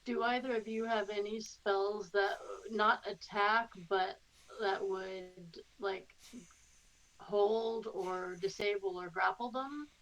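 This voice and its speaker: A woman's voice: medium pitch, steady tone, slow pace, a bit bright, lo-fi sound. A woman playing a tabletop game, thinking aloud and hedging with fillers as she weighs options. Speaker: player. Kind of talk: casual tabletop play.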